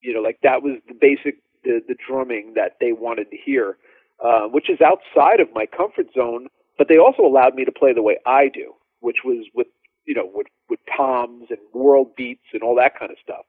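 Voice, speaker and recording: A male drummer telling animated stories as a podcast guest, with lots of fillers and restarts. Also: mid-range voice, normal speed, no room sound. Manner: animated, laughing storyteller, many fillers. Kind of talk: casual storytelling interview. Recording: dry phone-like line.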